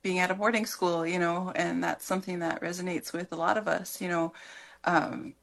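A woman speaking as a guest on a radio talk show, halting and full of fillers and restarts. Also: lowish voice, flat delivery, vocal fry, a bit bright. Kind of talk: casual radio interview.

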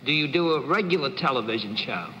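A man's voice: medium pitch, expressive, fast talker, bright, forceful tone, slight background noise. A man on a game show panel asking wry, joking questions, heard on an old TV broadcast recording. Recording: echoey 1950s TV broadcast recording.

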